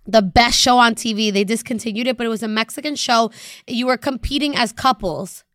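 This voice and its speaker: High-voiced, animated woman co-host. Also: fairly quick, no echo, clean studio sound. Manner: animated, mixing Spanish into English, playful. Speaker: podcast co-host; nursing student. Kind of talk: casual chat.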